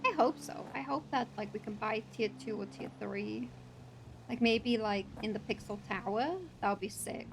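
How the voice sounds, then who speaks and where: A woman's voice: on the high side, moderate pace, creaky, noisy background. A young woman chatting casually in a roleplay game, full of "like" and slang. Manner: chatty, peppered with "like" and "sick". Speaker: streamer playing her roleplay character.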